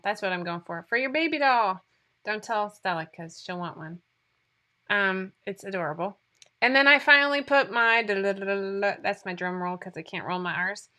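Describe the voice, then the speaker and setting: A woman's voice: mid-range voice, pushed and bright. A woman hosting a casual livestream, chatting, rambling and laughing at herself as she reads viewer comments. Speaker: sewing pattern designer hosting a livestream.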